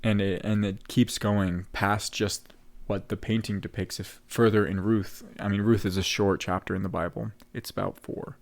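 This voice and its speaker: Male co-host, low-pitched, conversational, stops and restarts while retelling scenes. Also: little pitch movement. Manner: retells scenes with quoted lines, halting restarts. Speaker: podcast co-host. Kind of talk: casual discussion of a play.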